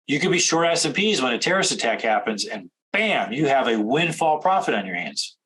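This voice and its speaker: A man coaching traders in a direct instructional talk, firing off rapid questions. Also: mid-range voice, big pitch swings, pushed and bright, a little hiss or hum, rough recording. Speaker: trading coach.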